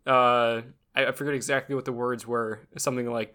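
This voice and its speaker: Man, podcast co-host, middle pitch, stammery, restarts his sentences. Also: steady tone, sharp tone. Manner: halting, repeats words. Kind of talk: casual chat.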